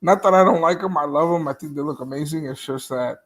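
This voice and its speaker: A man's voice: a little high, fast. A man, a dog breeder, talking casually about his dogs and litters, laughing easily and trailing off mid-sentence. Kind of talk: casual chat.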